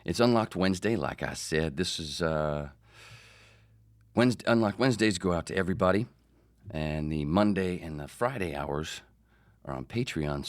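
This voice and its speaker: A man hosting his own comedy podcast, talking in a rambling, sarcastic, profane monologue. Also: rumbling low. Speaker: podcast host.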